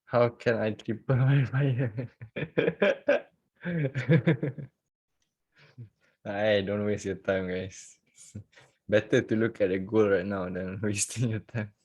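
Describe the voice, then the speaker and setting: A man's voice: lowish voice, slow pace, a little mellow, breathy edge, highs cut off. A man hosting a casual live online trading class from home over a video call, chatty and joking, laughing often.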